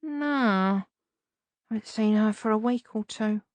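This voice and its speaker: A woman voicing a gruff, surly male bar doorman who grumbles slowly in working-class speech. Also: mid-range voice, darkish tone, dry recording, close to an everyday voice. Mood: grumbling.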